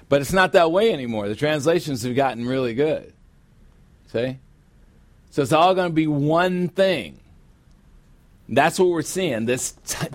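A middle-aged man preaching a sermon as pastor, with emphatic, drawn-out stresses. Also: medium pitch, no echo. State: sweating, warm from preaching. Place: church sanctuary.

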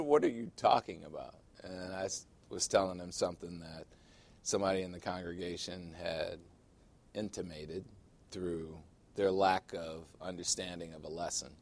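A man preaching a conversational sermon as pastor, candid and confiding, often dropping into quiet asides. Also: low-pitched, steady tone, a little slow.

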